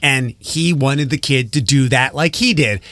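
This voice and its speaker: A man's voice: mid-range voice, a little slow, a bit bright, dry recording. A man hosting a radio show, chatting playfully and inviting listeners to call in. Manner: playful, teasing, reads the call-in number. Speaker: radio host. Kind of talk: casual radio chat.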